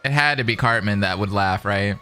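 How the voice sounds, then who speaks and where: A man's voice: fairly low pitch, brisk, bright, forceful tone, clean tone, faint music behind. A man giving casual reaction commentary on a fan game, laughing often and blurting out half-swallowed swears. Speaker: reaction video host.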